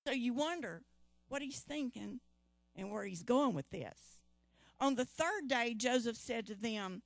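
She preaches with a somewhat high voice and vocal fry at a measured pace, retelling a Bible story and energetically calling out questions to her congregation. No room sound is audible.

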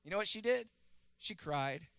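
Earnest higher-voiced male pastor preaching. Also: lively intonation, moderate pace, a bit bright, clear, resonant tone, dry recording. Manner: earnest preaching with stories and prayer, rising emphasis. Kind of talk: sermon.

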